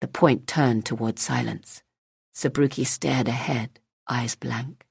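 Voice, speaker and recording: A woman narrates a fantasy audiobook in a measured, even way. Her voice sits extremely low and has a husky grain, and the recording is dry and close. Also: no room sound.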